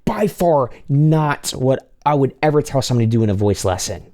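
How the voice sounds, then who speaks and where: A man working as a vocal coach, reacting to a performance with animated, exclaiming commentary. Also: medium pitch, a little fast. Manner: animated, exclaiming, talks over the clip.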